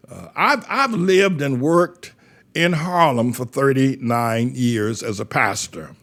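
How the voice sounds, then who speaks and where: A man's voice: mid-range voice, expressive, takes it slowly, a bit bright. An older man, a pastor, delivering a blunt, rambling commentary monologue and often repeating words as he searches for the next thought.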